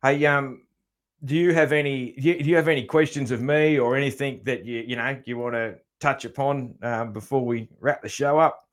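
A man's voice: mid-range voice, steady tone, moderate pace. An Australian man hosting a podcast, chatting casually and laughing easily between easygoing fillers. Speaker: podcast host. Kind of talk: casual interview chat.

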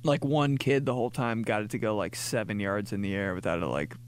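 A man's voice: on the low side, a little fast, slight background noise. A man in his late twenties riffing casually in a comedic monologue, rambling with lots of filler words and restarts. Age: late 20s. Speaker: podcast host.

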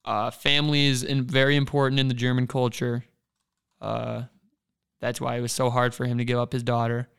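A man's voice: mid-range voice, completely flat delivery, normal speed, vocal fry, a bit bright, clean tone. A man co-hosting a podcast, retelling a folk tale in a laid-back, rambling casual way. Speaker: podcast co-host. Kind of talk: casual storytelling.

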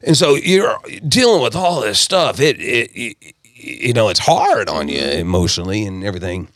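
A man from South Texas, telling his personal story as a podcast guest in an emphatic, animated way. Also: on the low side, normal speed, no echo, studio quality.

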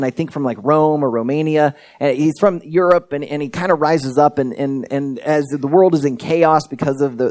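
A man's voice: a little high, a little mellow. A man preaching a sermon as pastor, conversational and unpolished, with frequent fillers and restarts, building to emphatic points.

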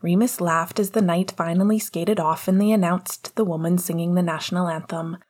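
A woman narrates an audiobook chapter in a steady, even storytelling manner. Her voice sits a little low and sounds husky and breathy. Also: normal speed.

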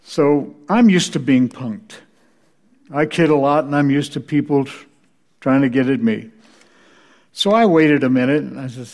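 A man's voice: mid-range voice, a little slow, long pauses, darkish tone. A male preacher giving a church history lecture, telling anecdotes with dry humor. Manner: dry, wry storytelling.

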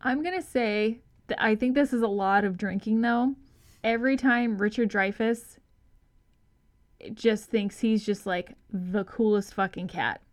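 A woman's voice: medium pitch, a little slow. A woman co-hosting a podcast in casual chat about a film, dry and sarcastic, unimpressed, and she swears. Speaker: podcast co-host.

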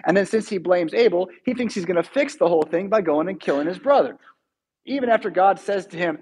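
A man's voice: sits high, lively intonation, brisk, darkish tone, slightly rough. A man preaching a sermon in a church, telling stories in a casual, conversational way. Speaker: pastor.

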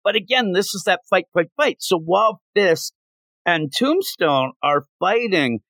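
Male podcast co-host, lively comic recap, slightly higher voice, dry close sound. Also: measured pace, dry recording. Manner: animated, acts out comic characters' lines mid-recap. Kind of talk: casual comic book review chat.

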